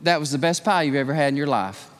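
A man voicing a sweet, humble older woman who bakes pies, speaking softly and matter-of-factly. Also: on the high side, animated, fast talker, big-room sound, voice pushed down, natural voice. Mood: humble, gentle.

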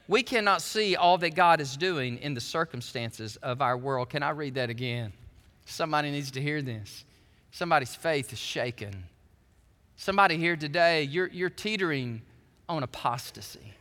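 A male pastor with a high, bright and ringing voice delivers a sermon in a church, shifting from quiet reading to fervent, shouted appeals. His words carry a long reverb through the hall. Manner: swings from calm reading to impassioned shouting, briefly singing. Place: church sanctuary.

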